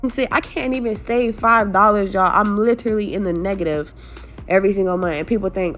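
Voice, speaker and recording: A woman's voice: medium pitch, a little fast, fairly bright tone, faint music behind. A young single mother venting in a social media clip, exasperated and swearing, with faint noise behind her. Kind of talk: emotional social media vent.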